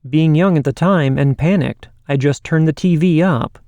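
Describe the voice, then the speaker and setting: Mellow-voiced male podcast host. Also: a little high, normal speed, dry recording, highs cut off. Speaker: podcast host reading listener stories. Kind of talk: scripted podcast narration.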